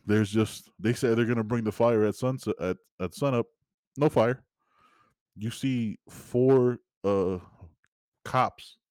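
A man's voice: on the low side, darkish tone, no room sound, studio quality. A man hosting a podcast, giving a casual solo movie review as an exasperated, rambling rant full of restarts. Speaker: podcast host.

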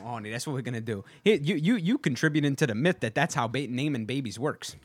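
A man co-hosting a podcast, cutting in with quick, profane jokes in casual banter. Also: mid-range voice. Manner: quick interjections, profane joking, lively. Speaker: podcast co-host.

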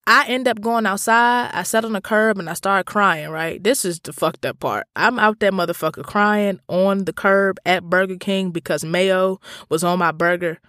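A man telling a story straight to his listeners in a casual, profane, slangy monologue that swings between animated rants and calmer reflection. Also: sits high, normal speed, few pauses, dry recording, studio quality.

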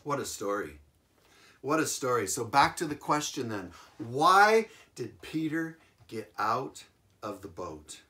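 A man's voice: medium pitch, takes it slowly. Chuckling male preacher telling a Bible story. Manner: animated storytelling with chuckles and emphatic repetition. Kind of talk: sermon retelling a Bible story.

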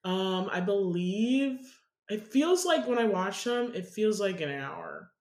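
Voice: medium pitch, lively intonation, takes it slowly. Chatty podcast guest, filler-heavy and eager, in a roomy echo. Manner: rambling, filler-heavy, enthusiastic. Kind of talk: casual chat.

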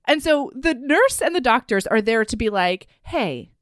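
A woman co-hosting a podcast, recapping a romance novel in casual chat, animated and profane, often laughing. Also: a little high, moderate pace, no echo, clean studio sound. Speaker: podcast co-host.

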